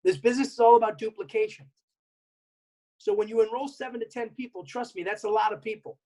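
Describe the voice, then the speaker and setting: A man presenting a network marketing workshop, energetic, repeating key points and acting out remembered conversations. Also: sits high, fast talker, low-quality recording. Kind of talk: seminar talk.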